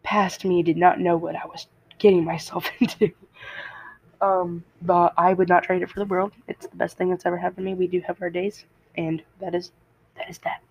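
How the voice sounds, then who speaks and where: A woman's voice: fairly low pitch, little pitch movement, fast talker, vocal fry, a little mellow, no echo. A teenage girl hosting a podcast, telling a personal story in a rambling, self-interrupting way and laughing at herself. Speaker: podcast host. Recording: dull lo-fi home mic.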